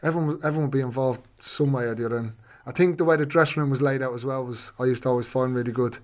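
A man's voice: medium pitch, steady tone. A man, a former footballer, chatting as a guest on a podcast in an easygoing way. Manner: easygoing, quick talker. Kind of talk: casual chat.

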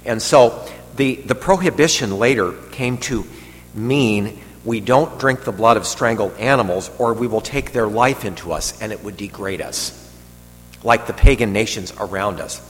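A priest with a fairly low voice delivers a homily in a relaxed, rambling, conversational way, slipping in dry jokes. His words echo with long hall reverb, and a faint hum runs underneath. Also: moderate pace. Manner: conversational, digressive, joking asides. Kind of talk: sermon. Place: church hall.

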